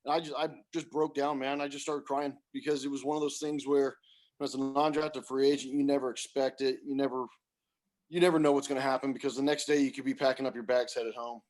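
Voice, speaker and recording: A middle-aged man, a former pitcher, telling a story casually and acting out the coaches he quotes. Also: quick pace. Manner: animated, acts out quoted coaches. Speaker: former pro pitcher guest.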